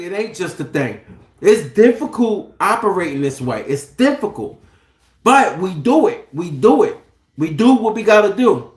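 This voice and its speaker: A man in his thirties hosting a casual livestream, animated, joking and profane. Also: sits high, normal speed, reverberant. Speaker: livestream host.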